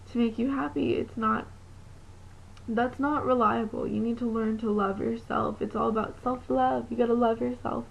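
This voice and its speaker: A woman's voice: fairly high pitch, fairly even intonation, a little fast, gravelly. A young woman vlogging about living with epilepsy, earnest and encouraging, with frequent ums and restarts. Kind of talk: heartfelt motivational vlog talk. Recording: lo-fi webcam audio with faint noise.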